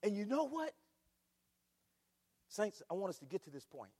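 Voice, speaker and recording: A middle-aged man preaching a sermon in a church, swinging between shouts and hushed, emphatic lines. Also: sits high, sing-song, normal speed, slightly rough. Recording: long reverb of a large hall.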